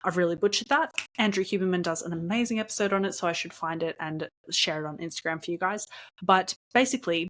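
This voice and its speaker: A young adult woman hosting her own podcast, telling a story in a chatty, animated way, laughing often and dropping in lots of ums. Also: on the low side, fast talker. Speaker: podcast host. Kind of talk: casual storytelling monologue.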